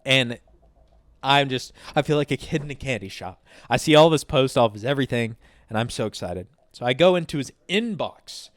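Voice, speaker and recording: A young man telling a rambling, animated story while playing a driving game, with many fillers and swearing. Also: mid-range voice, fairly quick, no room sound, studio quality. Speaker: gaming streamer. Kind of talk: casual storytelling over gameplay.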